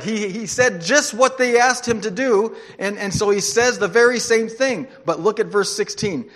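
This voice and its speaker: Animated man preaching a sermon. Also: high voice. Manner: animated, reads scripture aloud with playful asides and sarcasm. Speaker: pastor.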